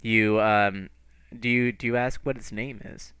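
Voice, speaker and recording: A man running a tabletop game as game master, narrating in a halting way with restarts. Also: lowish voice, fairly even intonation, a bit bright, clean tone, no room sound. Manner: halting, with many restarts and fillers.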